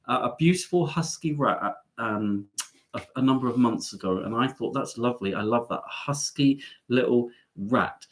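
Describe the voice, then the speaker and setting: A man's voice: medium pitch, expressive, normal speed, fairly bright tone. A man hosting a chatty live stream from home, playful and camp, teasing his audience.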